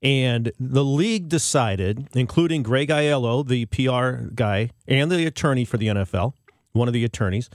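A man's voice: mid-range voice, normal speed, dry recording, clean studio sound. A man from the co-hosting a sports radio talk show, telling stories in a blunt, emphatic way. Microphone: studio microphone.

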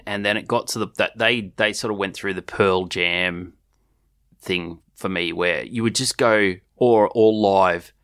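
A man's voice: on the low side, a bit bright. A man co-hosting a music podcast, chatting casually in a rambling way and laughing often. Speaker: podcast co-host. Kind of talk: casual chat.

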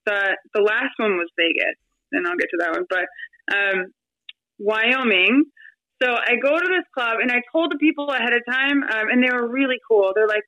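A woman in her thirties, a podcast guest, telling her story in a chatty, animated way with lots of fillers and quoted asides. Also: fairly high pitch, dry recording, dull audio. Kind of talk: casual storytelling interview.

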